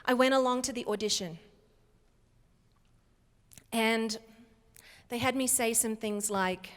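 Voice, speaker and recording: Australian woman, keynote speaker, animated storyteller, fairly high voice, long conference hall reverb. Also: normal speed. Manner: animated, acts out quoted voices.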